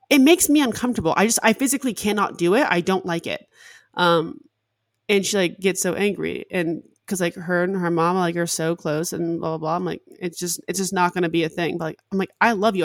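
A woman's voice: on the low side, dry recording, studio quality. A woman in her twenties hosting a podcast, chatting casually and candidly, with "like" filling many of her sentences. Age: 20s. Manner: candid, heavy use of "like" as filler. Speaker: podcast host. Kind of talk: casual chat.

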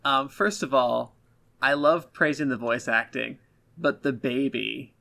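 A man's voice: mid-range voice, fairly even intonation, a little slow, vocal fry, crowd noise. A man co-hosting a casual podcast, giving blunt, self-deprecating critiques of an episode. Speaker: podcast co-host. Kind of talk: casual review chat.

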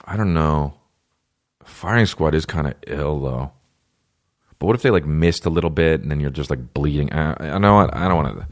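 A man's voice: rumbling low, moderate pace. A man hosting a podcast, rambling in a casual comedic monologue full of swearing while he riffs on listener questions. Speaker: podcast host.

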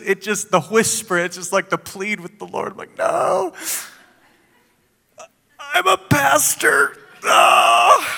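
A male pastor delivers a sermon as a lively personal story, breaking into laughs and playful asides. His voice is bright and forceful and sits a little high. The sound carries a long reverb, as in a church hall.

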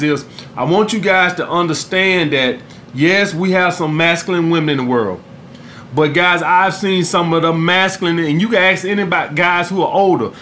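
Blunt, profane man lecturing with a high voice. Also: fairly bright tone, a little hiss or hum. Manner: blunt, profane, keeps saying "guys" and "all right?". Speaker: dating coach and podcast host. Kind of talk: podcast monologue giving dating advice.

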